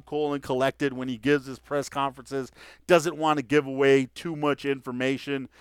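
A man's voice: medium pitch, smooth, dry recording, clean studio sound. A man hosting a sports podcast, talking casually and full of opinions, with frequent "uh" fillers. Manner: chatty, opinionated, with many fillers. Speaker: podcast host.

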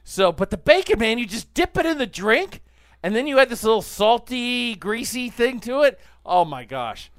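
A man's voice: very high voice, expressive, moderate pace, a bit bright, dry recording, clean studio sound. A middle-aged man hosting casual sports talk, rambling through stories and arguing his points with rising energy. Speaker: sports talk show host. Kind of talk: casual sports radio banter.

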